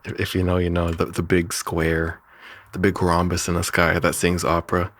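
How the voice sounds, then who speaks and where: With a low-pitched, monotone voice at a moderate pace, an animator and musician rambles casually through how he made the sounds for a cartoon. He chuckles often and keeps interrupting himself to restart his sentences. Background noise is audible.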